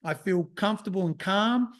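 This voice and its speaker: A man's voice: sits high, normal speed. A man in casual podcast chat, rambling and swearing as he acts out his own thoughts. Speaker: podcast guest.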